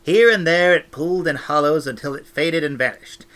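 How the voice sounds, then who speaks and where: A man reading a novel aloud with expressive, animated storytelling. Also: a little high, normal speed. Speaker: audiobook reader.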